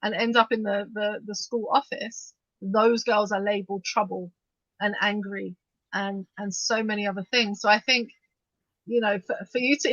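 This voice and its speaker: A woman co-hosting a podcast, talking fast and animatedly in bursts, with frequent restarts as she discusses the news. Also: on the high side, bright, forceful tone, no room sound. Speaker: podcast co-host. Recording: dull, dry lo-fi sound.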